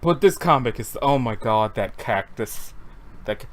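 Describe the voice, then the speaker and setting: A giggly comic reader talking at a desktop mic, casual and rambling and often cutting themself off. Their pitch swings widely and stays animated, going from low asides to sudden high exclamations. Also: normal speed. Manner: giggly, rambling, self-interrupting. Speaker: webcomic reader. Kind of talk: casual comic read-along.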